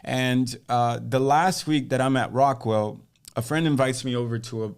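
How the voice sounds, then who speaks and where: A man's voice: mid-range voice, moderate pace, clean tone. A man, a real estate agent, telling his story as a guest on an interview podcast, acting out the dialogue he quotes. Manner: animated storyteller who acts out quoted dialogue.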